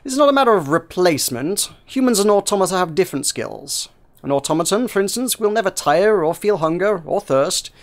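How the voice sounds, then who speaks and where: A man's voice: sits high, animated, fairly quick, pitched above the performer's own voice. A man voicing a patient woman guild mechanic explaining her craft, read from a game. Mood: earnest.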